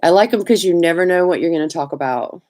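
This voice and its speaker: A woman's voice: on the low side, quick pace, dark tone. Chatty Southern woman on a livestream. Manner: chatty, laughs often, greets viewers by name. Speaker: livestream host. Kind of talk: casual live chat.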